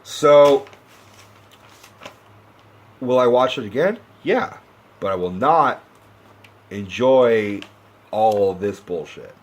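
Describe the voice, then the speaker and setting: A man's voice: medium pitch, lively intonation, very slow, pauses often. A young man giving a profane, impassioned movie-review rant, sarcastic and acting out characters as he goes.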